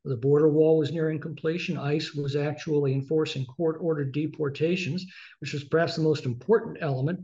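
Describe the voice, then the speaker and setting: A congressman answering interview questions in a measured way, with many filler sounds. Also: a little high, a little mellow, dull audio.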